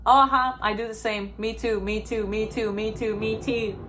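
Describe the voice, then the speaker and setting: A woman's voice: a little high, fairly even intonation, moderate pace, noisy background, voice pushed up, natural voice. A woman voicing a fawning young man who eagerly agrees with everything, parroting back.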